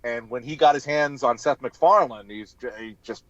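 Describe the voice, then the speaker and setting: A man's voice: mid-range voice, normal speed, dry recording. A man, a former sideline reporter, telling stories in an interview and acting out what people said. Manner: lively anecdote teller who acts out quotes. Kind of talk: interview storytelling. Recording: dull, dry podcast audio.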